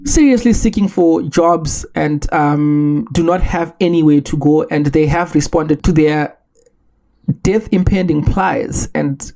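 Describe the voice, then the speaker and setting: A man from Zimbabwe, hosting a solo podcast and making his case in an earnest, measured way with rhetorical questions. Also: a little high, vocal fry, mellow. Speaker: podcast host.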